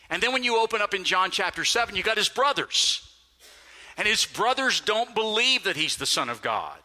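High, bright preacher in a reverberant hall. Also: male voice, normal speed. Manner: emphatic, animated delivery with sudden drops in pitch and volume. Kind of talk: sermon. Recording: long reverb of a large hall.

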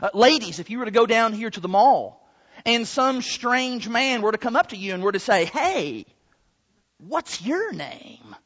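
Very high-voiced preacher in an echoing hall. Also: male voice, a bit bright. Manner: emphatic, drawn-out stresses on key words. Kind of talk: sermon. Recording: long hall reverb, dull lo-fi sound.

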